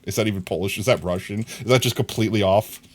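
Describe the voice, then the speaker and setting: A man's voice: on the low side, fast talker. Young man muttering through a live stream. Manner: rambling, jokey, mutters to himself while crafting; teases and scolds chat playfully. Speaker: livestreamer. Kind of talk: casual live-stream chat while gaming.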